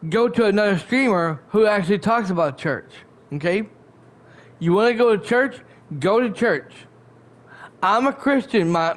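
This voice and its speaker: A man streaming from his chair at home, ranting on a headset mic in a rambling, repetitive, profane way. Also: high voice. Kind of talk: casual live-stream rant.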